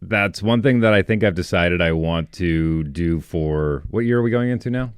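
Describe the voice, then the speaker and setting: A man co-hosting a podcast, in a relaxed, reflective casual chat with frequent restarts. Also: low-pitched, moderate pace, clear, resonant tone, no room sound, studio quality. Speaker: podcast co-host.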